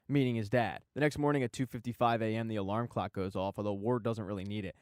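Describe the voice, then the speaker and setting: Male recap host, talks fast and casual, irreverent jokey tone, dry voice. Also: mid-range voice, steady tone, darkish tone, clean tone, dry recording. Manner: irreverent, joking asides. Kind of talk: casual scripted recap narration.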